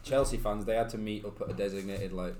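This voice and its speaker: A man's voice: lowish voice, steady tone, darkish tone. A man in casual football chat, blunt and sweary, often cutting in. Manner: blunt, sweary, quick to interrupt. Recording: echoey room with faint background noise.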